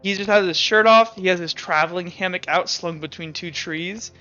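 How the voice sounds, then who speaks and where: A man's voice: high-pitched, moderate pace, bright, forceful tone, muffled recording, faint music behind. A man narrating as game master of a tabletop game, in a casual, rambling way full of fillers. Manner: casual, rambling, frequent "like" and restarts.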